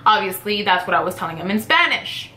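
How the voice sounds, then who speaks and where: A woman's voice: medium pitch, very animated, a little fast, bright, forceful tone, roomy sound, slight background noise. A woman vlogger telling a personal story in a rambling, profane, casual way, filling her talk with "like". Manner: profane, rambling, heavy use of "like".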